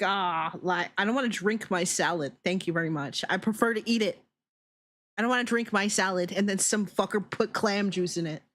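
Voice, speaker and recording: A woman's voice: mid-range voice, fairly bright tone. A woman VTuber streamer in casual chat, ranting with lots of swearing and laughing often.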